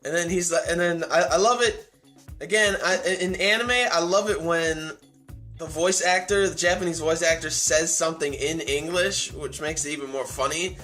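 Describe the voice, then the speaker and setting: A man with a somewhat high voice talks through an anime episode in a loose, casual recap. He rambles eagerly and restarts his sentences often, filling the gaps with "uh" and "like." Faint music plays quietly in the background. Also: moderate pace. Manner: rambling, many fillers and restarts; enthusiastic. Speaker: anime reviewer.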